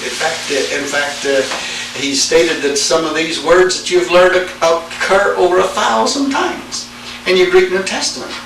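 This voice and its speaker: A man's voice: high-pitched, moderate pace, gravelly, a bit bright. An older man teaching a Greek class in a folksy, emphatic way, recorded from a distance in a classroom with room noise. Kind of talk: classroom lecture. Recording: echoey room, distant mic, noisy.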